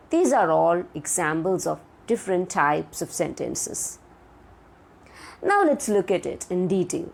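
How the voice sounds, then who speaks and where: A woman giving a recorded grammar lecture, speaking deliberately and checking in with her students. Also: on the low side, very animated, vocal fry, slightly rough. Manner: sing-song rise on example sentences.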